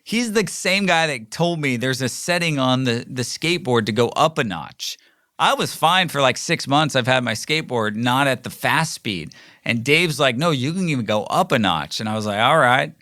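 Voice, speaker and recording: A middle-aged man, hosting a podcast and telling a rambling, animated story with lots of fillers and restarts. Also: medium pitch, normal speed, dry recording, studio quality. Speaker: podcast host. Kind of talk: casual storytelling monologue.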